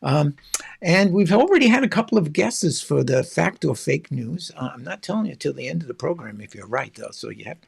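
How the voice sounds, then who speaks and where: Man, show host, casual chat, rambling, lots of fillers, lively up-and-down pitch, raspy. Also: fairly quick. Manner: rambling with many fillers and restarts. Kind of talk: casual live-stream chat.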